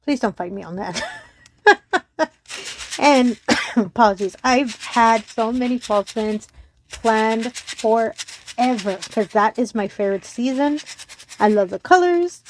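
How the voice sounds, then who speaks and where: A woman's voice: on the high side, animated, takes it slowly, long pauses, a little hiss or hum. A woman from Texas, chatting casually to her viewers at home in a bubbly, giggly, apologetic, rambling way. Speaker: crafting channel host.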